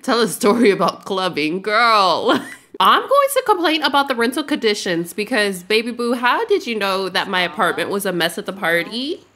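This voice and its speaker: A woman's voice: mid-range voice, big pitch swings, moderate pace, sharp tone. A young woman giving casual, playful commentary on a life-sim game, laughing often. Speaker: gaming YouTuber. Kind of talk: casual let's play commentary.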